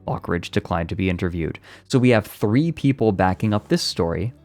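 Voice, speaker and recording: Guy streamer reading stuff out loud, swears a lot, kinda low voice, bit of music playing behind. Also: expressive, brisk, dry recording. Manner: profane, rambling asides between read passages. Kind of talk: casual stream commentary, reading an article aloud.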